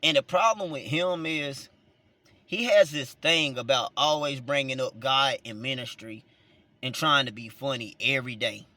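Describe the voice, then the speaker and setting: A man's voice: mid-range voice, moderate pace, bright, forceful tone, no echo. A man with a Southern accent, talking casually from inside a car, rambling and repeating words as he tells a story. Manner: rambling, repeats words, chuckles between points. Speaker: vlogger and minister.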